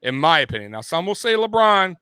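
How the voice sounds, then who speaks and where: A man's voice: high voice, brisk, smooth, no echo. Profane, fired-up male sports host. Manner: blunt, profane, animated fan rant. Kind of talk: casual sports rant.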